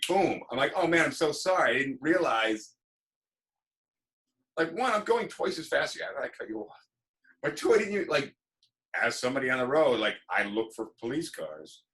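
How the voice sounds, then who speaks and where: A man hosting a casual livestream chat, telling stories animatedly and acting out the people he quotes. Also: medium pitch. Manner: animated storyteller, acts out quotes. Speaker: podcast host.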